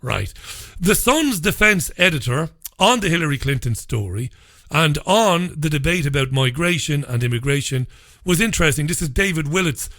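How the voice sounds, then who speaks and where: Guy hosting a talk radio show, scornful and mocking, bright punchy voice. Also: a little high, expressive, moderate pace. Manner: scornful, mocking, laughs at his own jokes. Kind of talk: opinionated news commentary.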